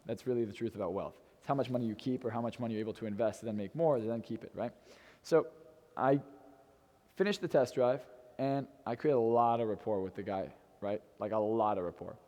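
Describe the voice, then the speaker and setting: A man's voice: lowish voice, fairly quick, dark tone, long reverb tail. A young man in his twenties telling a brash, swearing personal story to an audience in a hotel event room. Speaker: motivational speaker.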